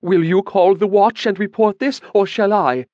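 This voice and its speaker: A man's voice: high voice, normal speed, a little mellow, dry recording, dull audio, voice pushed up, close to an everyday voice. A man voicing a scheming young woman in an audiobook, shrieking and demanding with feigned distress. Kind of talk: audiobook character voice.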